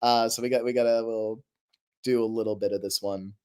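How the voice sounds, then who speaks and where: A man's voice: lowish voice, fairly even intonation, a little fast, a little mellow, clean tone. A young man chatting casually on a livestream, rambling and laughing at himself, his throat a little sore. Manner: rambling, laughing, self-deprecating. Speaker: streamer.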